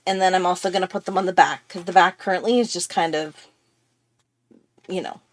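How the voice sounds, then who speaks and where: A woman hosting a casual live art stream, bubbly and excitable, chatting with many fillers and quick apologies. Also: fairly low pitch, no room sound. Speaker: art channel host.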